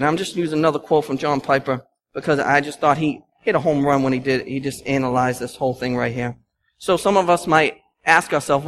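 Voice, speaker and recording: A male pastor delivering a sermon in a church, animated and conversational, slipping into stories with laughter. His voice sits a bit higher than most men's. Faint ambience hums underneath. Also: moderate pace, slight background noise. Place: church sanctuary.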